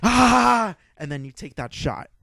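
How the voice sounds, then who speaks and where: A young man hosting a podcast, telling a rambling, excitable story with a lot of swearing and laughter. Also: medium pitch, a little slow, no echo. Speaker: podcast host. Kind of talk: casual storytelling.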